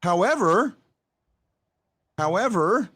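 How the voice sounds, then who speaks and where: His voice is high, sing-song, fairly bright and slightly rough, and he speaks slowly. He hosts a casual postgame sports talk show, restarting sentences with a stammer and stressing his arguments hard.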